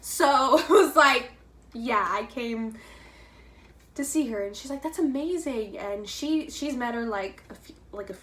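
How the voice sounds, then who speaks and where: A woman from Houston, Texas, telling an excitable, gushing story to her camera, full of "like"s. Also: on the high side, unhurried, slight background noise. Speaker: vlogger. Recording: echoey room.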